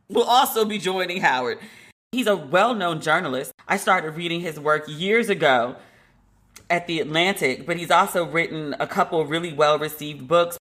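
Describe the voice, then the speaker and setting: A woman podcast host giving a casual, animated commentary monologue, laughing and emphatic as she talks. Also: low-pitched.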